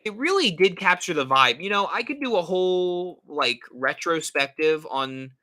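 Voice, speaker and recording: A man's voice: sits high, lively intonation, moderate pace, bright, forceful tone. A man hosting a casual live stream, rambling and answering viewer comments. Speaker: horror channel host.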